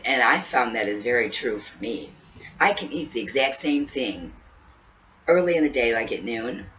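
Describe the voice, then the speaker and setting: A woman in her fifties chatting earnestly to camera as a vlogger, repeating herself and laughing briefly now and then, seated indoors. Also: very deep voice. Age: 50s. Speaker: weight-loss vlogger. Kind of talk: casual talk to camera. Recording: distant mic, dull lo-fi sound, faint hiss.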